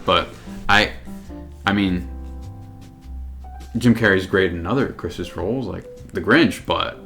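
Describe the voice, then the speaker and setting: A man with a fairly low voice chats as a podcast co-host. He is agreeable and hesitant, filling his sentences with 'like' and 'I mean'. Faint music sits in the background. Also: a little slow, gravelly, fairly bright tone. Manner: agreeable, hesitant, many likes and fillers. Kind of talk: casual chat.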